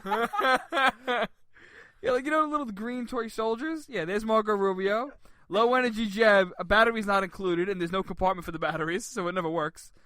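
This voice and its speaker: A man's voice: high-pitched, fast talker, smooth, no room sound, clean studio sound. A man co-hosting a comedic radio talk show, riffing jokily and laughing often. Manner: jokey, laughs often, riffs loudly.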